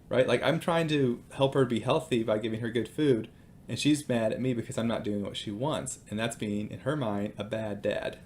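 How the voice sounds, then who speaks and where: A man's voice: mid-range voice, moderate pace, a little hiss or hum. A man and father giving casual devotional teaching with personal stories, hesitant and full of ums and uhs.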